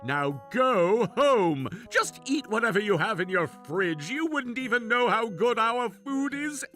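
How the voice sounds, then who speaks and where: A man's voice: sits high, animated, measured pace, bright, forceful tone, faint music behind, full character voice. A man voicing an arrogant, mocking male chef who owns a restaurant, in a sneering, gloating, theatrical manner. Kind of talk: animated story voice acting.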